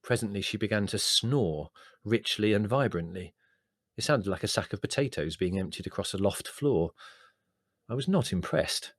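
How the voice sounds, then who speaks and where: A man's voice: lowish voice, lively intonation, normal speed, breathy edge, no echo. A man reading a comic memoir aloud in a wry, dry and understated storytelling manner. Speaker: narrator.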